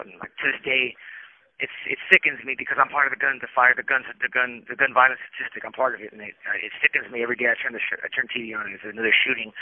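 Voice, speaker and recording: A man talks quickly over a thin, tinny prison phone line, and his voice sounds dry and close. He tells his story candidly, rambling, restarting often and slipping into the voices of the people he quotes. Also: medium pitch, no echo. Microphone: telephone.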